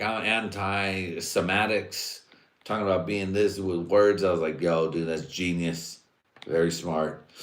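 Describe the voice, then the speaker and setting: A man hosting a livestream, talking in a loose, rambling, profane and streetwise way. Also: sits low. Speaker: livestream host. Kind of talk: casual rambling monologue. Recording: roomy echo.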